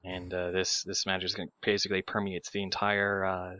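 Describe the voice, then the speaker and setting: A man running a tabletop game as game master, describing scenes haltingly with many pauses and fillers. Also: deep voice, completely flat delivery, bright, forceful tone, no room sound.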